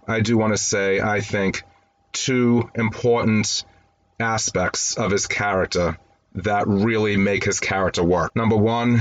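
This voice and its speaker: A man hosting a movie review show, talking through film setups in a chatty, wry way with quick asides. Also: fairly low pitch. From grew up in an Italian-American home. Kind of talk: conversational film review monologue.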